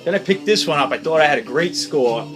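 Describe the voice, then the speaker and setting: Man, record collector, casual rambling chat, opinionated, a bit high-pitched, faint music underneath. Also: animated, a little fast.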